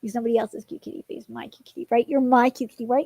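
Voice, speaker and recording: A woman's voice: on the high side, steady tone, very fast, creaky, hardly any pauses, mellow, husky, dry recording. A woman streaming casually, rambling with many fillers and cooing at her cat in baby talk. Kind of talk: casual live-stream chat.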